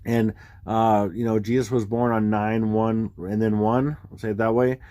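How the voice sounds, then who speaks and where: A man explaining dates and numbers on screen in a rambling, excitable way, full of fillers and sudden exclamations. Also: on the low side, moderate pace, no room sound. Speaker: video creator explaining number theories. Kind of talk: casual screen-share commentary.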